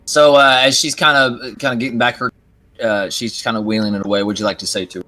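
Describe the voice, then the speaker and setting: A man running a tabletop game as game master, narrating haltingly with many fillers. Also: medium pitch, little pitch movement, sharp tone, no echo. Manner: halting, full of fillers and hedges.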